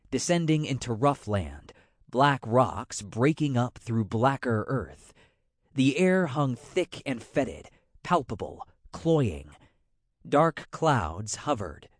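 Male audiobook narrator, slow unhurried reading, lively intonation, wry, dry close sound. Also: mid-range voice, no echo. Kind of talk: scripted fantasy narration.

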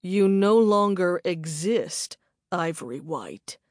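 Storybook brief: calm menacing male attacker, low slow growl, deep-ish, voiced by a woman. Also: no room sound, studio quality.

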